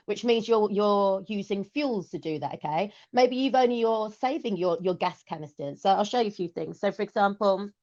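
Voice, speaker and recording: A chatty woman with an English accent talks casually on a podcast, explaining step by step and filling pauses with "okay" and "um." Her voice sits at a middling pitch, and the recording sounds a little dull and lo-fi. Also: a little mellow. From England. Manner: chatty, explains with lots of okays and ums. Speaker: guest.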